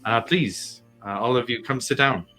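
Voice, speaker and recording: A man voicing a formal, weary woman who leads the settlement, speaking in a measured, polite way. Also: mid-range voice, pushed and bright, soft background music, natural voice.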